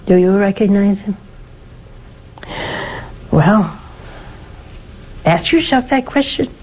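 An older woman, a nun hosting a call-in show, teaching faith in a slow, gentle, emphatic way with rhetorical questions. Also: mid-range voice, animated, husky, low-quality recording. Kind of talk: religious teaching and call-in advice.

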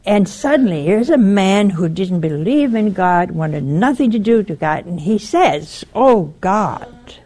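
A woman's voice: mid-range voice, expressive, a little slow, hardly any pauses, warm tone. A woman giving an earnest, urgent warning to listeners and telling a story in plain, direct words.

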